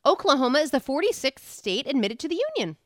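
Lively playful woman podcast host. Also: high voice, dry recording, clean studio sound. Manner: playful, riffing, quick asides. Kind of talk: casual comedic chat.

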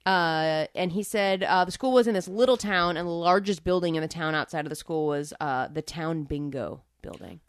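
A woman's voice: lowish voice, moderate pace, few pauses, clear, resonant tone, no room sound, clean studio sound. A woman in her thirties co-hosting a podcast, rambling chattily with lots of fillers. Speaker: podcast co-host. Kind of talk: casual chat.

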